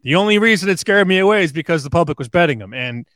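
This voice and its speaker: A man's voice: a little high, animated, rapid-fire, fairly bright tone, no room sound, clean studio sound. A man appearing as a sports betting analyst guest on a radio show, talking in a conversational, storytelling way. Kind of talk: radio interview.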